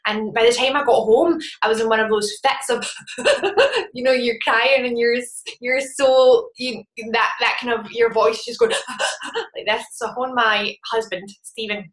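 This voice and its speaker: A woman giving a motivational training talk, telling a story with lively acted-out moments. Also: fairly high pitch, moderate pace, few pauses, roomy sound, poor audio. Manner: animated storytelling, acts out her own panic. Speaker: network marketing trainer.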